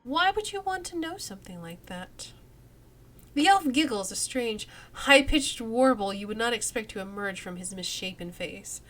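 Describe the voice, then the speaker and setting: A woman's voice: fairly high pitch, animated, normal speed, a bit bright. A woman streamer playing a role-playing game, reading the narration aloud and making casual, giggly asides. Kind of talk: let's play with commentary and narration.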